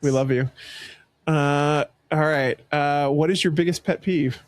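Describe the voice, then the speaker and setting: A man co-hosting a podcast, casually reading out questions and chatting in a relaxed way. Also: on the high side, measured pace, dry recording. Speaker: podcast co-host asking the questions. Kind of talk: casual chat.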